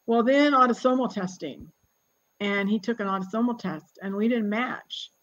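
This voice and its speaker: A woman in her sixties, a genealogist guest, telling family stories in a lively, chatty way and laughing often. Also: a little high, moderate pace, dull audio. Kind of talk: casual storytelling conversation.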